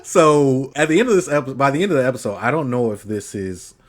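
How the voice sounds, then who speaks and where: A man's voice: medium pitch, sing-song, quick pace. A man co-hosting a casual podcast, animatedly recapping a story, acting out the characters' lines in funny voices, swearing and laughing along. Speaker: podcast co-host. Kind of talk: casual chat recapping an anime.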